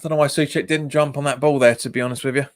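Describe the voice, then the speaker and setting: A man's voice: medium pitch, fairly even intonation, very fast. A man, hosting a football watch-along stream, chatting casually, laughing often and reading out viewer comments. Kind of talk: casual live commentary and chat.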